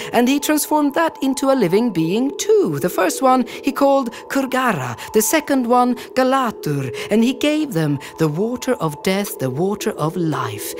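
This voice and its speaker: Slow dramatic woman storyteller over music. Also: mid-range voice. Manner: slow, dramatic, rhythmic phrasing.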